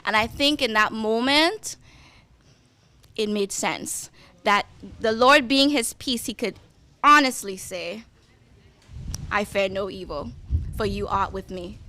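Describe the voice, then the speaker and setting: A woman reading a psalm aloud at a memorial service in a measured, prayerful way. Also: medium pitch, pushed and bright, dry recording. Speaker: scripture reader at a memorial service. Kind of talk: slow scripture reading.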